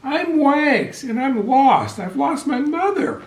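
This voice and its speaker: A man's voice: sits high, big pitch swings, normal speed, a little mellow, pitched above the performer's own voice. A man voicing an anxious little female puppy who talks in a worried, whimpering way. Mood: distressed. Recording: echoey room.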